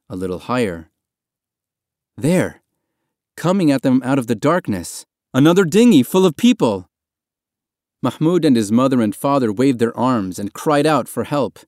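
A man reading audiobook narration in a quiet, measured, somber way. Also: on the low side, dry recording, studio quality. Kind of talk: scripted narration.

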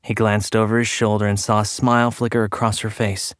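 A man narrating an audiobook in a measured, steady manner. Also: on the low side, smooth, no room sound, clean studio sound. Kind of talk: scripted narration.

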